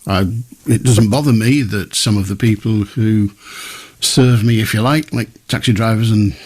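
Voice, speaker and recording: A man's voice: fairly low pitch, normal speed, slightly rough. A man hosting a late-night radio phone-in, chatting in a wry, rambling way with dry humour.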